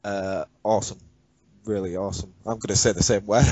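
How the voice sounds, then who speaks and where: Northern english guy on a podcast, lowish voice, blunt and sweary, dry muffled sound. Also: fairly even intonation, a little fast, a little mellow, dry recording. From England. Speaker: podcast guest, former commissioner. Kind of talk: casual podcast chat.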